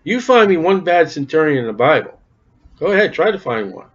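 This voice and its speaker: Male preacher, fairly high voice, folksy and emphatic, dull lo-fi recording. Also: big pitch swings, brisk, slightly rough. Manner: folksy, emphatic, calls out to the congregation. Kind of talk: sermon. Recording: dull lo-fi sound.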